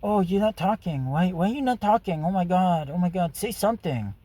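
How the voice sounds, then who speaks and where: A man voicing a pushy, nervous young woman in broken English, pitched well above his own voice. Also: expressive, brisk, mellow, no echo. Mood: nagging. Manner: broken English, high and fretful.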